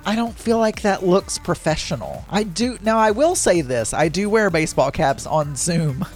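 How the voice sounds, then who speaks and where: A middle-aged man hosts a daily solo podcast, talking in a loose, rambling, chatty way. His pitch swings widely as he goes, and he pokes fun at himself. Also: animated, moderate pace, faint music behind. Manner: rambling, chatty, self-deprecating. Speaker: podcast host. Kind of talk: casual solo chat.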